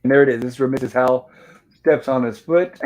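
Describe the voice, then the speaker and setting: A man's voice: mid-range voice, fairly quick, a little mellow. Man casually recapping an old episode. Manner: retells scenes and reads dialogue lines aloud. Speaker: show host.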